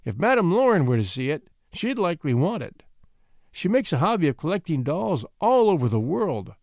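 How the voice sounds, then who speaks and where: A man voicing a kindly, learned uncle who muses slowly. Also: fairly high pitch, sing-song, vocal fry, a little mellow, no room sound, clean studio sound. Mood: musing.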